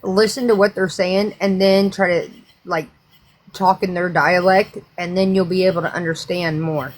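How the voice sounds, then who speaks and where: A woman's voice: lowish voice, fairly even intonation, normal speed. Frank, rambling American woman. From United States. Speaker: livestream host. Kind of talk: casual chat.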